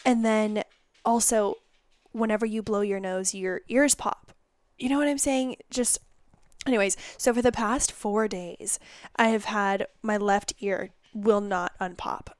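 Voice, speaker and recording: A woman's voice: mid-range voice, steady tone, a little slow, no room sound. A young woman hosting her own podcast, congested from a cold, chatting casually and rambling with self-mocking asides into a microphone. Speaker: podcast host and holistic nutritionist. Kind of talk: casual solo podcast chat.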